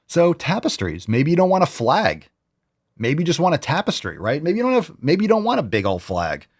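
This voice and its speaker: A man's voice: a little high, big pitch swings, brisk. A man hosting a casual livestream, hyped and rambling, who swears casually. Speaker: host.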